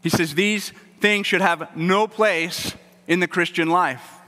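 A man's voice: high voice, fairly even intonation, slow, bright, forceful tone, long reverb tail. A man preaching a sermon as pastor, earnest and conversational, often repeating words as he goes.

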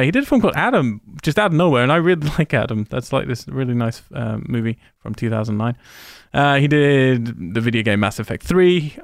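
British man, London accent, gravelly, dry close sound, rambling podcast chat. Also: medium pitch, dry recording. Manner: rambling, reeling off film credits with dry laughs. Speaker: podcast co-host. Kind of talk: casual chat.

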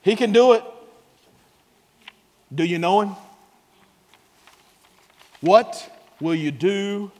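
A man preaching a sermon as pastor, moving between soft low asides and shouted high exclamations and calling on the congregation to answer him. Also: long reverb tail. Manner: calls for audience response.

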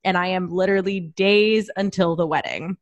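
A woman in her thirties telling a personal story in casual chat, animated and self-deprecating, laughing often. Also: on the low side, moderate pace, no echo, highs cut off.

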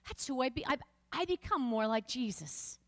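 A woman's voice: high-pitched, animated, normal speed, in a large hall. A woman pastor preaching a passionate sermon, speaking straight to her listeners with rising and falling emphasis.

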